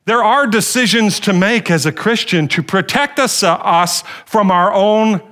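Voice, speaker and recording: A man's voice: sits high, measured pace. A man preaching a sermon, rallying the congregation with questions and calls for amen, often restarting and repeating phrases. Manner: animated preaching with call-and-response to the congregation. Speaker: pastor.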